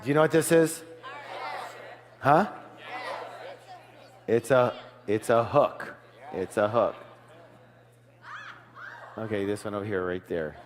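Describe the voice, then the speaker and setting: A man's voice: lowish voice, slow pace, long pauses, a faint crowd. Seminar speaker man in a reverberant hall. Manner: lively, quizzes the audience with call-and-response questions. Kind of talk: live seminar talk to an audience.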